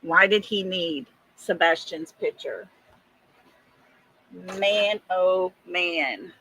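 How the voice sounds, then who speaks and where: A woman's voice: on the low side, very slow, bright, forceful tone, low-quality recording. A woman hosting a casual livestream, out of breath and chatty as she greets viewers by name. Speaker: livestream host.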